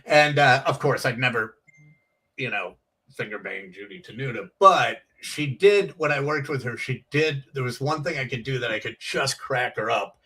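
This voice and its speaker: A man's voice: medium pitch, moderate pace, sharp tone, recorded from a distance. A middle-aged man, a guest comedian, telling rambling anecdotes on a chat show and acting out the quotes.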